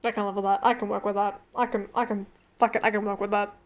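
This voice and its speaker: A woman's voice: medium pitch, little pitch movement, fast talker. A young Australian woman chatting casually on a live stream while she draws, swearing freely and muttering to herself.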